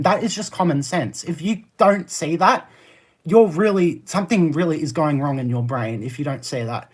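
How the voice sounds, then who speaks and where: A live streamer chatting with viewers and arguing back at their messages in fast rants full of "like", laughing often. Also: medium pitch. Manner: argumentative, fast rants with many "like" fillers; laughs often, easily amused.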